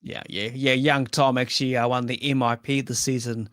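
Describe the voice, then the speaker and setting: A man's voice: mid-range voice, flat delivery, a little fast, a bit bright. A man hosting a casual racing chat show, talking in a matey way and reading out viewer comments. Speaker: podcast host.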